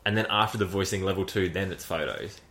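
Low-voiced rambling podcast host. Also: male voice, fast, fairly bright tone, roomy sound, slight background noise. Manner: rambling, heavy use of "like", laughs often. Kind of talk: casual chat.

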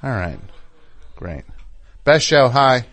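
Guy hosting a call-in show, deadpan and teasing, plain mid voice. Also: mid-range voice, takes it slowly. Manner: dry, sarcastic banter. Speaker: radio show host. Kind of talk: casual call-in talk.

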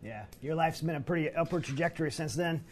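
Fast-talking man hosting an interview. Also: fairly high pitch. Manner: rambling, quick questions with fillers. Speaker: podcast host. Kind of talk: casual interview chat.

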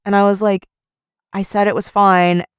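A woman with a clear, resonant, medium-pitched voice speaks at a normal pace. Co-hosting a podcast, she casually retells an argument as an animated storyteller, acting out each quoted line.

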